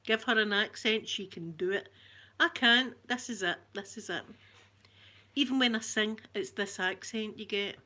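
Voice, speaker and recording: A woman's voice: medium pitch, moderate pace, pushed and bright. A woman with a broad Glaswegian accent, hosting a casual live-stream chat, greeting viewers by name and laughing often. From Scotland. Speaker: ASMR channel host.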